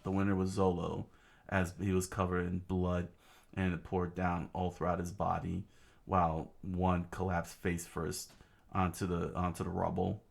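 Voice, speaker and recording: A man reading a comic aloud in a casual, halting way, with many fillers and asides about the panels. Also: low voice, completely flat delivery, vocal fry. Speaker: reader of a comic.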